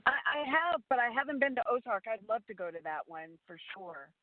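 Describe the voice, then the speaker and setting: A woman's voice: a little high, sing-song, brisk, no room sound. A woman from California chatting eagerly and casually as a guest panelist. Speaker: psychic and show host. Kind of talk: casual chat. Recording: dry phone-like call audio.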